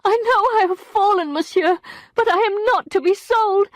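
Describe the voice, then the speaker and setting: A woman's voice: very high-pitched, moderate pace, no room sound, voice pushed up. A woman voicing a desperate, proud young wife who pleads for help with strong emotion. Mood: distraught.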